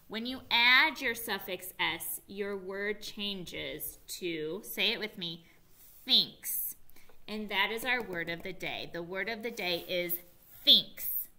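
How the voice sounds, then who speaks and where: A young woman teacher walks small children through a phonics lesson, sounding out each word with care. Her voice is very bright and crisp, and she takes her time over every step. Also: mid-range voice. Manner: slow, clear, sounding out words for young children. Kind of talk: early-reading phonics lesson.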